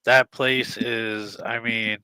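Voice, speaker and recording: A man hosts a relaxed interview show with a bright, forward voice. He is enthusiastic, and the sound is dry and close. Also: mid-range voice, takes it slowly, clean tone, no echo, poor audio. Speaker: podcast host. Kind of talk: casual interview chat.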